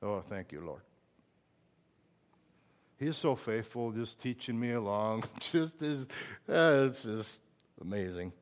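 A middle-aged man preaching a sermon, moving between quiet confiding talk and loud impassioned bursts, emotional at times. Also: lowish voice, lively intonation, slow pace, pauses often. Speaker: pastor.

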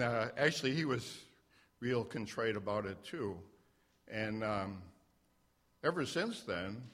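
A man at a church mic telling a personal story, halting and self-deprecating, with many fillers and restarts. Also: medium pitch, fairly bright tone. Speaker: church member sharing a testimony. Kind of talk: unscripted personal testimony. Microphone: standing mic.

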